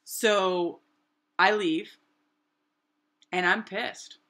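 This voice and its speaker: A woman in her thirties from New Hampshire telling a personal story in a rambling, animated way with lots of fillers. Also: mid-range voice, very slow. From New Hampshire, USA. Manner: animated, rambling, many "like" fillers, acts out quotes. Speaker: artist and vlogger.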